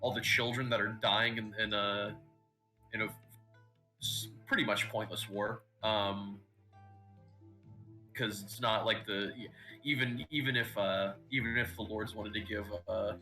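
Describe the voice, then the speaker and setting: A man talking as a player in a tabletop game, halting and full of restarts. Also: fairly low pitch, level tone, pushed and bright, soft background music. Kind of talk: casual chat.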